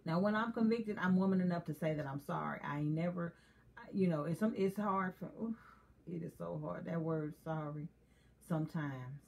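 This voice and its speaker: A woman's voice: lowish voice, moderate pace, gravelly, a little mellow. A woman co-hosting a casual chat who talks candidly and confessionally and often laughs. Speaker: co-host.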